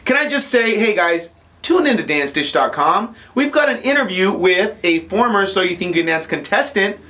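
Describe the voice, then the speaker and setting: A man's voice: high-pitched, animated, normal speed, pushed and bright. Joking male co-host in casual banter. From Latino. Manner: joking, playful.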